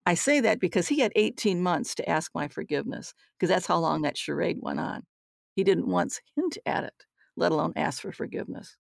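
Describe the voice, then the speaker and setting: A woman's voice: fairly low pitch, fairly quick, creaky, no room sound, clean studio sound. An older woman, a psychologist being interviewed, telling stories in a candid, forthright way and acting out the dialogue. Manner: forthright, acts out quoted dialogue. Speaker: guest author and psychologist.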